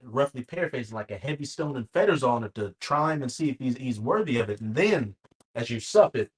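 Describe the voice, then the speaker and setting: A man's voice: medium pitch, lively intonation, brisk. A man in a Bible study talking thoughtfully, paraphrasing scripture and retelling stories.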